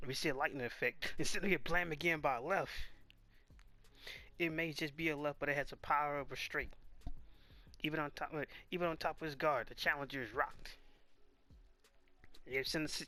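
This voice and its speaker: A man's voice: on the high side, a little fast, pauses often, bright, forceful tone. A man casually narrating a boxing anime as he watches, stammering and restarting as he reads along. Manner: stammering, restarting, reading subtitles aloud. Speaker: video host reacting to a boxing anime.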